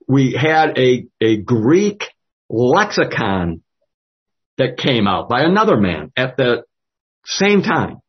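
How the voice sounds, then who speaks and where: A man leading a Bible study discussion, speaking slowly and haltingly with many fillers. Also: mid-range voice, husky. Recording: dull lo-fi audio.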